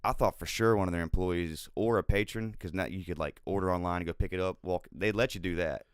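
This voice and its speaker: A man co-hosting a live podcast, telling stories in an animated way, swearing and laughing often. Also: deep voice, fast talker, clear, resonant tone, no room sound, clean studio sound. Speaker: podcast co-host. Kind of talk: casual live podcast chat. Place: live show recording.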